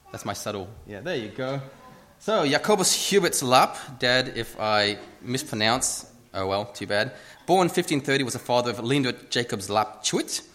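A man's voice: medium pitch, fairly bright tone. A man giving a casual, self-deprecating sermon into a lectern microphone in a church. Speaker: lay preacher. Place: church hall.

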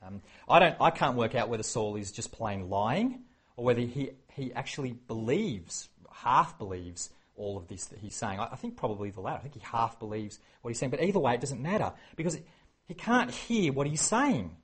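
A man preaching a sermon, animated and acting out the quoted exchanges. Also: mid-range voice, moderate pace, slightly rough. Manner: animated, acts out quoted exchanges, many fillers.

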